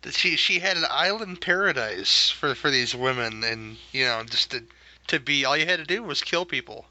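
A man's voice: mid-range voice, lively intonation, moderate pace, bright, forceful tone, dull audio. A man co-hosting a casual movie review chat, rambling and laughing and often repeating words as he talks. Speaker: podcast co-host.

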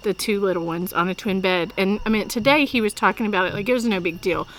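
A woman's voice: mid-range voice, fast, rough recording. A woman hosting a casual podcast chat in the field, chatty and given to laughter, tearing up when moved. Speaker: podcast host. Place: outdoors at a mission home with people working nearby. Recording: field recording with faint background noise.

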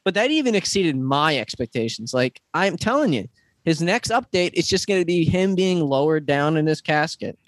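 A man with a high, animated voice hosts a casual reaction chat, sounding incredulous and quick to laugh. The sound is dry and close. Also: dry recording. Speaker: podcast host.

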